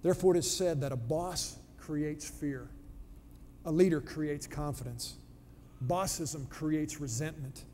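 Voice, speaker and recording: A man's voice: fairly high pitch, measured pace, warm tone. A man giving a motivational talk on leadership, telling a fable with punchy, emphatic storytelling. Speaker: speaker on leadership. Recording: long hall reverb, faint background noise.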